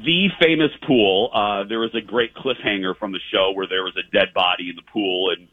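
A man's voice: low-pitched, little pitch movement, brisk, no room sound. A man hosting a casual show, telling a long story in a rambling way with many fillers and restarts. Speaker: host. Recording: dry tinny phone-like line.

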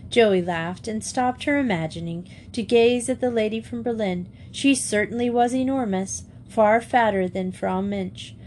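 A woman narrating a classic children's school story in a steady, clear reading voice. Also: fairly high pitch, measured pace, few pauses, slight background noise. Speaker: audiobook reader.

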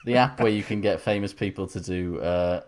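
Wry, rambling low-voiced man. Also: fairly quick, a little mellow. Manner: wry and rambling, with frequent laughs. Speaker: podcast co-host. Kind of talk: casual banter.

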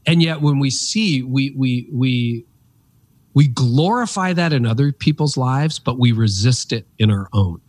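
A man in his fifties speaking as an interview guest, a practiced speaker. He tells stories with emphatic, animated energy, and his pitch leaps high when he stresses a point. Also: unhurried, no echo. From Canada. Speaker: podcast guest, author and speaker. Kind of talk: reflective interview storytelling.

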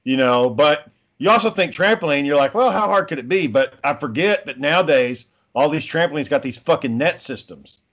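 A man's voice: on the high side, lively intonation, fairly quick, a bit bright. A man in his thirties telling a casual story, swearing freely and acting out what people said. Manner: profane, acts out quotes of people in the story.

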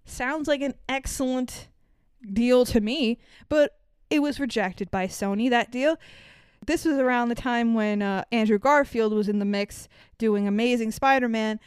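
Podcast co-host, woman, profane and animated, a bit high, crisp dry recording. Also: unhurried, no echo. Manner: profane, animated storytelling with mock quotes. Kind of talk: casual chat.

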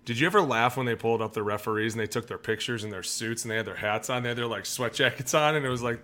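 A man's voice: mid-range voice, racing, sharp tone. A man in his thirties, a former football lineman, chatting brashly and cursing freely on a sports podcast. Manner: brash, opinionated, swears freely. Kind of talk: casual sports chat.

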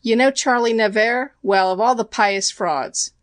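A woman's voice: a little high, unhurried, no echo, close to an everyday voice. Woman doing a slangy, grinning old-time police detective. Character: male Irish-New York police detective, breezy and sly.

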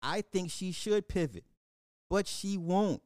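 A man hosting a livestream in casual commentary, talking in an animated, emphatic way and laughing often. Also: high voice, normal speed, smooth, no echo, clean studio sound. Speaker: livestream host.

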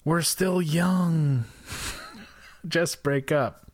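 A man's voice: on the high side, drawn-out words, dry recording, studio quality. A man co-hosting a casual comedy podcast, ranting with profanity and sarcasm. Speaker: podcast co-host.

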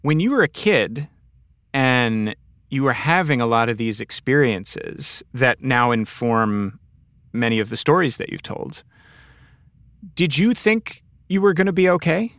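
A man's voice: mid-range voice, lively intonation, measured pace, fairly bright tone, no echo, clean studio sound. A man hosting an interview, asking thoughtful questions and retelling his guest's stories. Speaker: interviewer host. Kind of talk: casual interview.

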